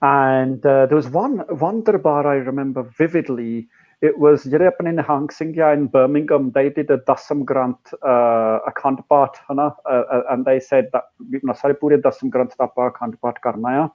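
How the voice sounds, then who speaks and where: Animated British man, dull call audio. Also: medium pitch, normal speed. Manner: animated storyteller, mixes in Punjabi phrases, says "right?" and "you know" often. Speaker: guest musician and academic. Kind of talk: casual explanatory chat.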